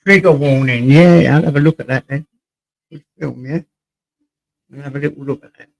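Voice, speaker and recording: Gravelly English man chatting on a live stream. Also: a little high, normal speed, a little mellow, no echo, poor audio. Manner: chatty, greets viewers by name, reads chat aloud. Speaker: livestream host. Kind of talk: casual live-stream chat. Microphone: desk mic, sometimes off-axis.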